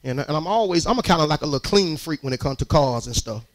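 A man preaching a sermon in church, speaking. He talks to the congregation in a conversational, animated way and builds to loud, strained peaks. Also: fairly high pitch, fast. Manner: rises into shouted, strained peaks.

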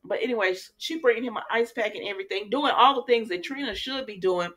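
A woman's voice: mid-range voice, quick pace, a bit bright. A woman hosting a casual soap opera recap, chatty and opinionated, talking straight to her viewers. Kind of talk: casual chat recapping episodes.

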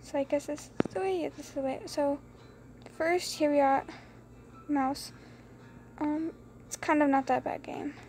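A young woman chatting through a mouse game late at night, rambling and giggly, keeping her voice low so others can sleep. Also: steady tone, a little slow, long pauses, background noise. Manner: rambling, giggly, hushed to keep quiet. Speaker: gameplay streamer. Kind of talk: casual gameplay commentary. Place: bedroom at home late at night. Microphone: phone screen recorder.

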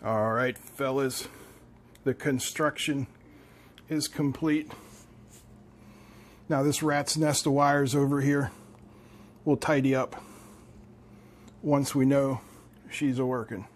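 Slow, easygoing guy. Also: medium pitch, slight background noise. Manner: relaxed, joking, thinking aloud. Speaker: electronics hobby channel host. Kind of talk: casual build walkthrough.

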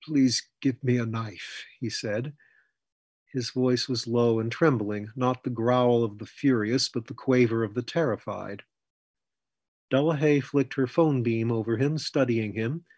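Man, storyteller, steady audiobook narration, husky, dry. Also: mid-range voice, a little slow, dry recording. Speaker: author reading his story.

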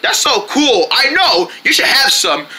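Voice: sits high, big pitch swings, a little slow, sharp tone, heavily acted. Someone voicing Connie, a curious friend. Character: Connie, a curious friend who turns down cake.

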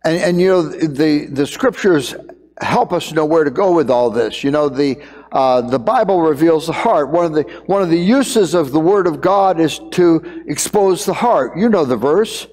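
A man's voice: a little high, moderate pace, darkish tone, long reverb tail. An older man preaching a sermon in a conversational way, often repeating words as he thinks.

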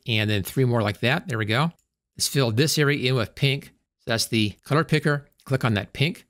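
A man hosting a screen-recorded tutorial, calmly talking through each step as he works. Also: mid-range voice, no room sound, clean studio sound. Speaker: tutorial host.

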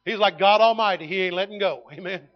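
A man, preaching a sermon in a folksy storytelling way that swings from loud to hushed. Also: high-pitched, fast talker, dull audio. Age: 50s. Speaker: pastor. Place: church sanctuary.

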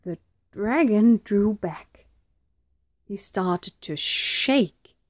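Teacher lady reading a picture book aloud, super slow, voice swoops all over, dry sound. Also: medium pitch, no room sound. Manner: slow, dramatic, very expressive. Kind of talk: expressive storybook reading.

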